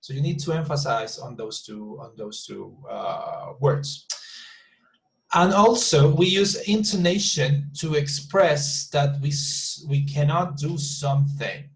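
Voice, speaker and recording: Man, English teacher on a video call, slightly high voice, echoey room, repeats words, exaggerates stress. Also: expressive, takes it slowly. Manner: repeats words while searching, models sentences with exaggerated stress. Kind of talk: online class teaching.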